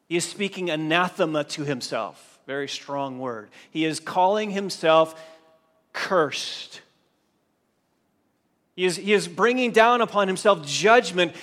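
A man preaching a sermon as pastor, swinging from hushed, drawn-out phrases to loud emphatic lines. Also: on the high side, long reverb tail.

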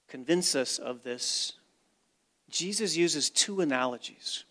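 A man preaching a sermon as pastor, with dramatic swings from hushed to loud and emphatic delivery. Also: medium pitch, normal speed. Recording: long reverb of a large hall.

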